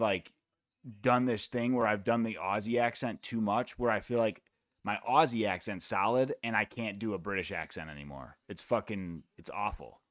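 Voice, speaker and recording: This is a low, somewhat bright male voice, captured dry and clean in a studio. He's an American host of a live fight watch-along stream, keeping the chat relaxed, meandering and full of profanity.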